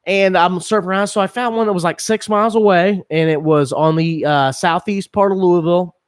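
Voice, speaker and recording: Podcast co-host, 30s male, slightly high voice, dry close mic, rambling profane storyteller. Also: fairly quick, smooth, dry recording. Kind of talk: casual podcast banter.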